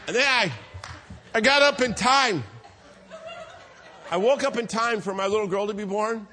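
A man preaching a storytelling sermon, animated, acting out the voices in his stories and laughing often. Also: high-pitched, normal speed, pauses often, slight background noise.

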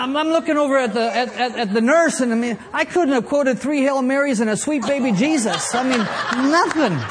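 A man's voice: very high-pitched, noisy background. A middle-aged man preaching a sermon, telling a humorous story and then building into fervent preaching. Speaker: pastor.

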